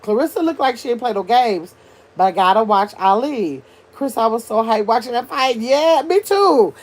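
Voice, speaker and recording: An older woman hosting a casual livestream, chatting with her viewers and reading their comments aloud as she thinks out loud. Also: a little high, normal speed. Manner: chatty, animated, thinks out loud, addresses chat as y'all. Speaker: livestream host reading chat.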